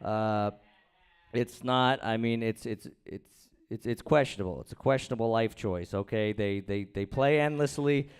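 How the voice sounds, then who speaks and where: A man's voice: on the low side, moderate pace, clean tone. A man doing a crude, rambling, self-deprecating stand-up set at an open mic in a small comedy room, speaking into a handheld stage mic.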